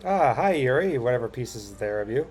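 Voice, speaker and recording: A man's voice: medium pitch, animated, brisk, darkish tone, faint music behind. A man hosting a game playthrough, reading the story aloud and joking casually between scenes. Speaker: let's play host.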